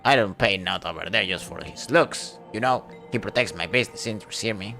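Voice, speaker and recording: A man voicing a gruff village mushroom trader who talks low, sullen and threatening, reading game dialogue aloud. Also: fairly quick, sharp tone, soft background music. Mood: menacing.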